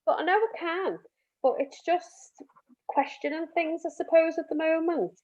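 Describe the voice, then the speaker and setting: A woman's voice: very high-pitched, measured pace, darkish tone. A middle-aged woman counsellor talking candidly on a video call, emotional and rambling with restarts. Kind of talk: casual group discussion on a video call. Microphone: video call, camera off. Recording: muffled video call audio.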